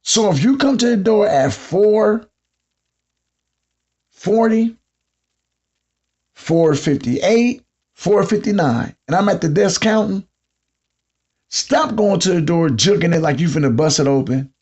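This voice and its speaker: A man with a Southern US accent hosting a podcast, telling comedic stories about his job and mimicking customers in an animated way. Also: high voice, slow pace, long pauses, slightly rough. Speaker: podcast host. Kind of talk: comedic monologue. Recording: dull lo-fi sound.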